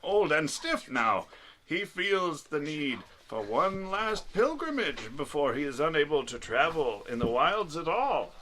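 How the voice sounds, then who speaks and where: A man's voice: a little high, big pitch swings, a little slow, sharp tone, a little hiss or hum, full character voice. A man putting on a little old man voice to read an elderly dwarf cleric's backstory at a tabletop game. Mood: solemn. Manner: reads a backstory aloud in a storyteller voice. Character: elderly male dwarf cleric, weathered and stiff. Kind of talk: tabletop character backstory reading.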